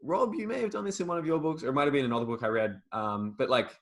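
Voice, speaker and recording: A man's voice: medium pitch, rapid-fire. A man co-hosting a podcast about writing, chatting casually with frequent fillers and laughs. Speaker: podcast co-host.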